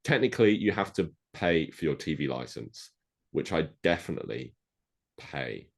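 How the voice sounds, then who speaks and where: A man co-hosting a podcast in a relaxed, chatty way, often dropping "like" between thoughts. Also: very deep voice, normal speed, vocal fry. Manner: chatty, with many "like" fillers. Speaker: podcast co-host. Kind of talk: casual chat.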